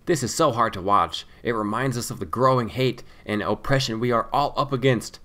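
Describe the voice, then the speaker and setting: A man's voice: mid-range voice, fairly quick, sharp tone. Sarcastic male video commentator. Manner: sarcastic, mocking. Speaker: political commentary vlogger. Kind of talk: commentary over video clips.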